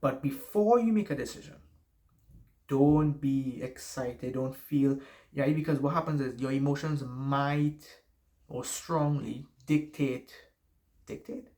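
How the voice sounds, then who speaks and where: Taking it slowly in a darkish, mid-range voice, a man with a noticeable non-native accent gives casual life advice to camera. His talk rambles, with self-corrections and free swearing.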